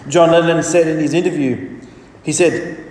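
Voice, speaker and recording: A man's voice: on the high side, normal speed, a little mellow, far from the mic, slight background noise. Man preaching in an echoey hall. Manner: emphatic, rhetorical questions, varied dynamics. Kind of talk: sermon.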